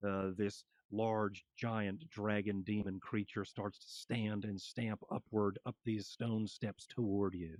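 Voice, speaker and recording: A man with a low voice narrates as game master for a tabletop fantasy game, pausing often to find his words as he describes the scene and explains the rules. The recording is dry, with no room sound. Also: little pitch movement, a little mellow, no room sound. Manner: halting, descriptive narration with many fillers.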